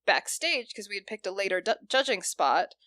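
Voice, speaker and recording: A woman's voice: medium pitch, big pitch swings, moderate pace, a bit bright, dry recording, studio quality. A young woman co-hosting a podcast, telling a story in casual chat and laughing often. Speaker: podcast co-host.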